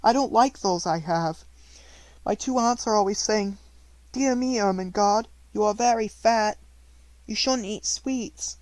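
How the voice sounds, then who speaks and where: A man voicing a plain-spoken schoolgirl who grumbles in a high, sing-song voice, in an audiobook reading. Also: a little slow, no echo, rough recording. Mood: grumbling.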